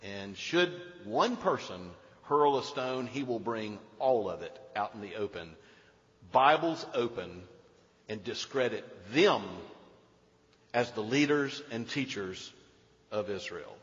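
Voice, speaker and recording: A man preaching a sermon as pastor, animated, moving between loud emphasis and hushed storytelling. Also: mid-range voice, takes it slowly. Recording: dull sound in a reverberant hall.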